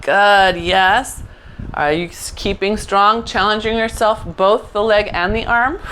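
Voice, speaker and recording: A middle-aged woman leads a Pilates mat class in a voice of ordinary pitch, calling out short, encouraging cues and praising her students at every step. A faint hiss sits under the recording. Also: a bit bright. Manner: encouraging, upbeat cues with frequent "good". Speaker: Pilates instructor. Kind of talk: live online class instruction.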